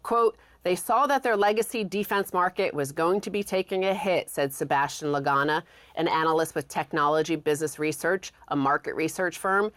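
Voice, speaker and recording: A woman co-hosting a talk show, reading news quotes aloud and explaining them in a measured way. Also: lowish voice, fairly bright tone, dry recording. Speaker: co-host.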